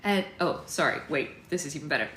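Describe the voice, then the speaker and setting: A woman's voice: deep voice, brisk, a bit bright, slight background noise. A woman hosting a book club, reading a novel aloud and breaking off for chatty asides. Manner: chatty, breaks off to comment and laugh. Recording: roomy echo with faint ambience.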